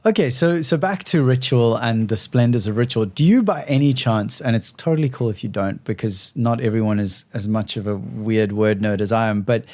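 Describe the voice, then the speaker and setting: A man hosting a conversational podcast interview, relaxed and talkative, laughing at his own slips of the tongue. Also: medium pitch, moderate pace, hardly any pauses. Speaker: podcast host.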